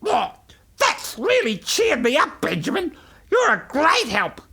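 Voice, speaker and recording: A man's voice: very high-pitched, wildly swooping pitch, measured pace, vocal fry, pushed and bright, voice pushed up, heavily acted. A man doing a whiny, cross little ant. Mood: grumpy. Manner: whiny and sulky. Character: cross, grumpy young male ant. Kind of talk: children's storybook narration.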